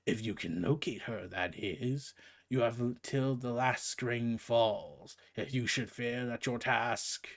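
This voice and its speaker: A man voicing a menacing male god of the underworld, slow, grave and threatening, sometimes dropping to a whisper. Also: mid-range voice, creaky, pitched below the performer's own voice.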